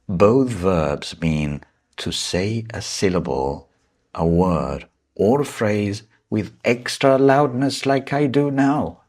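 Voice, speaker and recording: Slow, husky-voiced man teaching English. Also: deep voice. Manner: slow, patient explaining with stressed key words. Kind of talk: vocabulary lesson.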